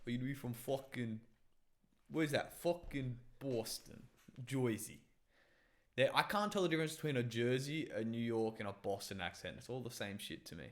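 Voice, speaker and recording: A man's voice: medium pitch, expressive. Brief: young guy, podcast co-host, loose and sweary, jumps into bits. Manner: swears a lot, jumps between quick impressions of accents. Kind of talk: casual chat.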